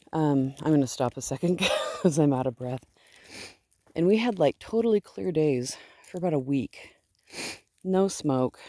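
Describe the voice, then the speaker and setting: A woman's voice: rumbling low, warm tone, dry recording. A woman who raises sheep, chatting casually and affectionately as she walks outdoors on her farm, rambling a little with fillers. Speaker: fiber farm owner raising sheep. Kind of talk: casual vlog chat while walking.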